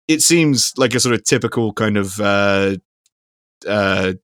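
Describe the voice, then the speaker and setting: Rambling casual podcast co-host, low voice. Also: male voice, a little slow, fairly bright tone, dry recording, clean studio sound. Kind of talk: casual chat.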